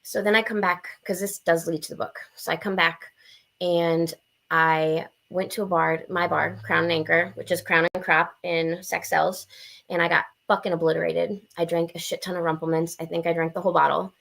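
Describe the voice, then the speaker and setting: A young adult woman telling a story on a podcast in a blunt, profane, animated way, acting out the quotes. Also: lowish voice, normal speed, creaky. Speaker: podcast guest. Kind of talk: casual storytelling.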